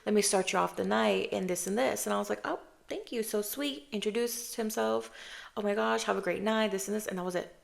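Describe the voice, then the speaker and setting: A woman in her thirties hosting a casual podcast chat, telling stories with lots of filler and calling the listener babe and girl, sometimes dropping into a hushed voice for quotes. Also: mid-range voice, quick pace, vocal fry. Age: 30s. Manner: chatty, animated storytelling, calls listener babe and girl. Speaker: podcast host.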